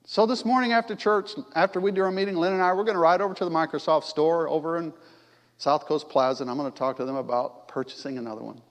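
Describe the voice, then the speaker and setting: A middle-aged man with a slightly high voice preaches quickly in a church sanctuary, speaking conversationally and putting questions to the congregation. The recording carries a long church reverb.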